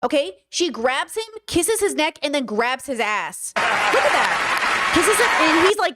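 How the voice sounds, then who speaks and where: A woman's voice: high voice, very animated, moderate pace, a loud crowd, very noisy. A woman hosting a podcast, giving blunt, profane and heated commentary on video clips. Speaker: podcast host reacting to clips. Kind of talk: casual commentary.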